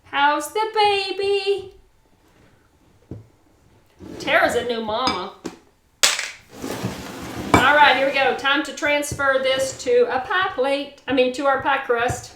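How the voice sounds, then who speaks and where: A woman's voice: sits high, unhurried, roomy sound, noisy background. A woman hosting a casual cooking vlog, gushing and sing-song as she talks to viewers from her home kitchen. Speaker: cooking show host.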